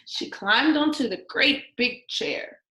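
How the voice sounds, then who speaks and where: Slow, expressive woman reading a storybook. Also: high-pitched, roomy sound, a little hiss or hum. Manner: expressive, sing-song storytelling. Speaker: storybook reader. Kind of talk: children's read-aloud.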